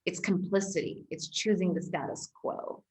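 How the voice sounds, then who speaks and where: A woman's voice: lowish voice, moderate pace, a little mellow, rough recording. A woman who works as a spiritual and empowerment coach, speaking as a podcast guest in an emphatic, earnest way. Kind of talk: casual conversation.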